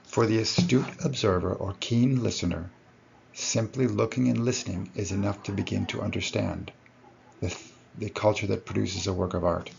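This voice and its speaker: A man's voice: lowish voice, steady tone, moderate pace, creaky, darkish tone, muffled recording, a little hiss or hum. A man giving a recorded lecture to his students, explaining step by step and correcting himself as he goes.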